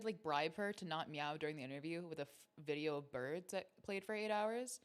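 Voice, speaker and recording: A woman's voice: low voice, smooth. A woman hosting a livestream from home, chatting casually with her viewers in a playful, self-mocking way. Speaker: stream host.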